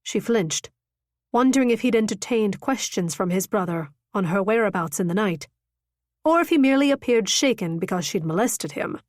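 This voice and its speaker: A woman narrating a romance audiobook in an expressive, dramatic reading style. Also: medium pitch, moderate pace, dry recording, studio quality. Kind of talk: scripted narration.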